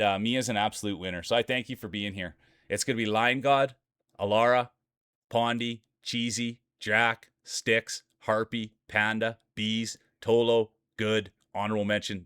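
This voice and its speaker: A man's voice: fairly low pitch, fairly bright tone, clean tone, no room sound. A man commentating marble races on a live stream, greeting viewers by name and hyping up close finishes. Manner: upbeat, greets chat viewers by name, hypes race finishes.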